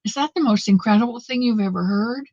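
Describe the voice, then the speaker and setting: Here a middle-aged woman hosts a live knitting stream, talking fast in a slightly high voice. There is no echo, but the sound is muffled. Warm and motherly, she addresses viewers directly, casual yet earnest and full of faith.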